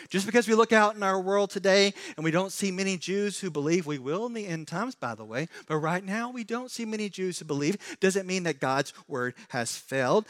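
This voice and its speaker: Man, 40s, pastor, sermon, slightly high voice, passionate, loud pleading then quiet earnestness.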